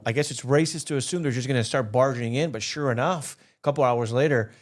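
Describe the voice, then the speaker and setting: A man's voice: medium pitch, a little mellow. A man co-hosting a podcast, talking in a casual, emphatic and rambling way with frequent restarts. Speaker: podcast co-host. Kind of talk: casual talk-show chat.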